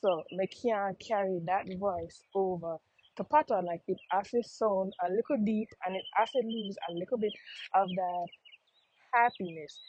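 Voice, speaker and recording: A woman's voice: mid-range voice, normal speed, a little mellow, slight background noise. A young American woman speaking with a Jamaican patois accent, chatting casually to her viewers and often repeating phrases. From United States. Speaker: vlogger. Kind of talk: casual monologue. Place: outdoors on a walk. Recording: slightly dull lo-fi audio.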